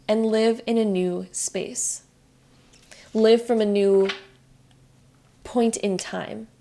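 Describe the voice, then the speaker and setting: A woman's voice: on the high side, warm tone. A young woman giving a casual spiritual card reading, chatty and self-laughing, with many fillers and restarts. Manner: chatty, laughs at herself, over-explains with many likes. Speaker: tarot reader.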